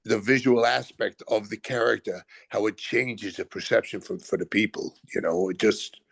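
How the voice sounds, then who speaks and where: An older man telling animated stories as a guest, acting out other people's lines in quotes. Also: on the low side, moderate pace, vocal fry, husky, dry recording. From Brooklyn, USA. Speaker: retired pro wrestler guest. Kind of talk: animated storytelling.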